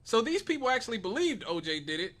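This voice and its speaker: A man's voice: very high voice, very animated, fast talker, fairly bright tone. A man hosting a talk radio show, delivering an emphatic monologue and building his case with rhetorical questions. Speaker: radio host.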